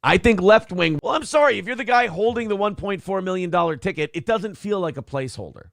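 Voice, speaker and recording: A man's voice: high voice, animated, quick pace, vocal fry, fairly bright tone, dry recording, studio quality. A man hosting a casual live talk show, rambling with apologetic asides.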